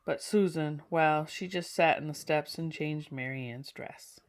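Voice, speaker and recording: Woman storyteller, low pitch, reads an old children's book aloud with chatty asides. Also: unhurried. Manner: warm, chatty asides between passages. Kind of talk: reading aloud to listeners.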